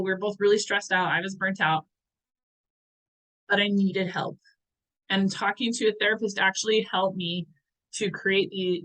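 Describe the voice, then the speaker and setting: Woman coach giving a pep talk, chatty n earnest, bright sharp voice, stops to hunt for words. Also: medium pitch, low-quality recording. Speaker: wellness coach. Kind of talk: motivational talk.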